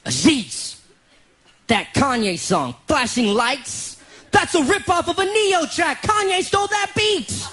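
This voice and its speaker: A man's voice: a little slow, slightly rough, heavily acted. A man doing an eager teenage fanboy. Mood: excited. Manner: high, excited, earnest. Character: eager eighteen-year-old male cousin, naive fan. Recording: noisy live comedy club recording.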